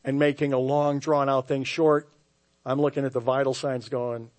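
A man preaching a sermon as pastor, telling a story with wry, self-mocking humor and swinging from hushed tones to loud outbursts. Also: medium pitch, level tone, moderate pace. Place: church sanctuary.

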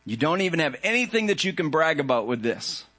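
A man preaching a sermon as a pastor, earnest and reflective, with measured phrasing. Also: fairly high pitch, very animated, pushed and bright.

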